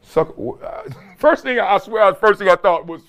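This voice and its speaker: A man in his forties hosts a casual sports talk show, his fairly high voice swooping through a very lively range. He tells stories in an emphatic, slangy way and breaks into laughter often. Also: normal speed. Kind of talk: casual sports commentary with storytelling.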